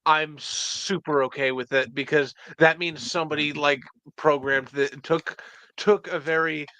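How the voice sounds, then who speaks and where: Male guest reviewer, bright and slightly high, quippy and dry. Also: steady tone, unhurried, no room sound. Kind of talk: casual review chat.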